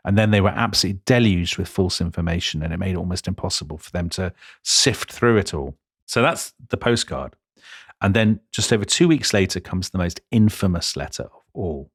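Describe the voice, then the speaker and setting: A man co-hosting a podcast, telling a history story in a lively, emphatic way with casual asides. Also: sits low, no room sound, clean studio sound. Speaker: podcast co-host.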